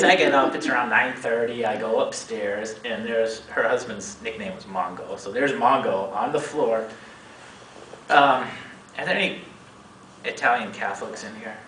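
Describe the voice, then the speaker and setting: Animated man in his forties telling a story. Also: normal speed, a little hiss or hum. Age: 40s. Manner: animated, acts out quoted voices with big pitch jumps. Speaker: speaker at a meeting. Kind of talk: storytelling talk to an audience. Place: meeting room with an audience. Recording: echoey room, speaker far from mic.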